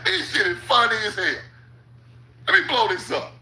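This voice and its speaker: A man's voice: high voice, very animated, normal speed, bright, forceful tone, low-quality recording. A man giving casual, profane commentary while reading maps aloud, often stopping with "hold on" and laughing at his own points. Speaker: channel host.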